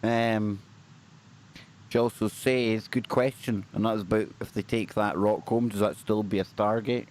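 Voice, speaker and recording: A man's voice: fairly low pitch, steady tone, moderate pace, darkish tone, slight background noise. A Scottish man co-hosting a paranormal livestream, chatting casually and upbeat, often repeating phrases for emphasis. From Scotland.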